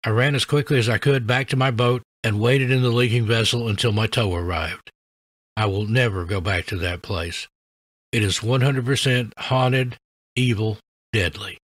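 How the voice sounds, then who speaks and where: A man's voice: medium pitch, normal speed, no echo, natural voice. A man reading out the first-person account of a shaken man who spent a night in a haunted ghost town, in a shaky storytelling voice.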